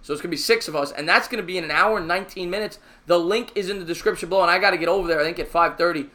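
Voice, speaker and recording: A high-voiced man with a forceful, tense edge calls a ballgame pitch by pitch as a fan on a live stream. He chats with viewers between pitches and gets loud and excitable when a play breaks open. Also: rapid-fire. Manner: excitable, raising his voice on big plays; chatty, answers viewer comments between pitches.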